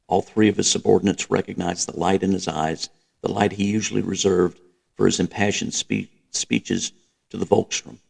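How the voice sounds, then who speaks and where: A man narrating a novel in a measured, even reading. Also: deep voice, creaky, breathy edge. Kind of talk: audiobook reading.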